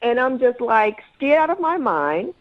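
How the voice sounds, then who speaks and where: A woman's voice: fairly high pitch, very animated, a little slow. A woman calling in to a radio show, indignant and exasperated, talking dramatically about a bad date. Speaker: caller. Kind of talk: emotional phone call. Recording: lo-fi phone line.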